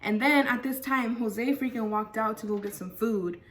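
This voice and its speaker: A woman's voice: fairly high pitch, moderate pace, a bit bright. A young woman vlogger telling a casual storytime, chatty and full of fillers. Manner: chatty, lots of fillers and "freaking". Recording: voice a bit far from mic.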